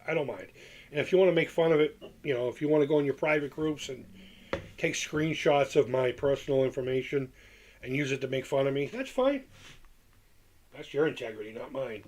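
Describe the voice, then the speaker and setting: A middle-aged man talks casually on a livestream, answering chat in a loose, rambling way. His voice sits a little high for a man, and he often doubles back on his own phrases and restarts his sentences. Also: expressive, fairly quick. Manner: rambling, candid, repeats himself, frequent restarts. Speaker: livestream host reading chat.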